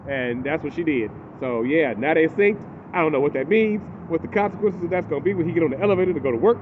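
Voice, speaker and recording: A man's voice: fairly high pitch, fast, hardly any pauses, slight background noise. A man animatedly recapping a TV episode in casual speech, acting out the characters as he goes. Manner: animated, acts out characters in quotes. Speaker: TV recap host. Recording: tinny phone-like audio.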